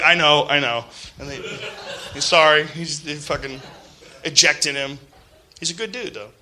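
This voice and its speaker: Bright-voiced man ranting on a podcast. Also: a little high, a little hiss or hum. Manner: animated, profane, laughing, mocking voices. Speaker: podcast host. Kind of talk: casual comedic rant.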